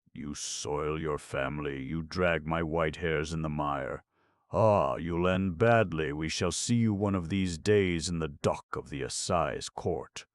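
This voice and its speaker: A man's voice: rumbling low, no room sound, studio quality. A man voicing a blustering, tearful old uncle, ranting and sobbing, still a little drunk. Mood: furious.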